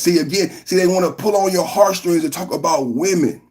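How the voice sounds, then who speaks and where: Guy hosting a live podcast, ranting and firing off questions at chat, pretty high voice for a dude. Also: normal speed, hardly any pauses. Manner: combative, ranting, rhetorical questions. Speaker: podcast host. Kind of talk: live political reaction, reading chat comments.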